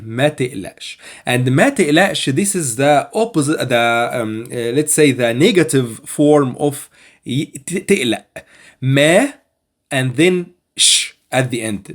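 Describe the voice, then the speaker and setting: A man with an Egyptian accent teaching spoken phrases, repeating each one slowly and patiently. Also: medium pitch. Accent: Egyptian Arabic. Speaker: Arabic language teacher. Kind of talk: language lesson.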